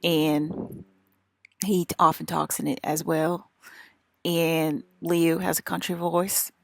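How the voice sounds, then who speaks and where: A woman's voice: low voice, level tone, slow, gravelly, no echo. A woman with an American country accent, rambling in an agitated, profane and repetitive monologue as a vlogger.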